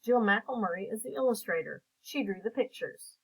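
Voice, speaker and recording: A woman teacher reading a picture book aloud and asking simple comprehension questions in a slow, clear, patient way. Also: medium pitch, expressive, low-quality recording.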